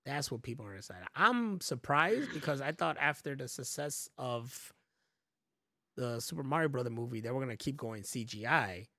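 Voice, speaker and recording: A man's voice: mid-range voice, no echo. Man, podcast co-host, casual chat, joking, swears a lot, dry mic, no room. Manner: loud, joking, swears freely.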